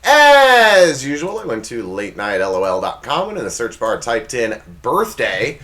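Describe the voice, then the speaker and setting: Speaking at normal speed with a slightly bright tone, this show host runs through the punchlines of his comedy monologue. His jokey delivery leans on big, playful pitch swings.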